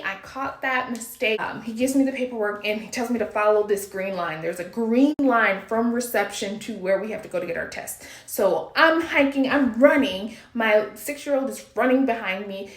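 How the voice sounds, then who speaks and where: Woman, thirties, from the US, casual story time, animated, bright pitch, roomy echo. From United States. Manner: animated, breathless retelling, acts out her own panicked shouts. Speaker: vlogger telling a story.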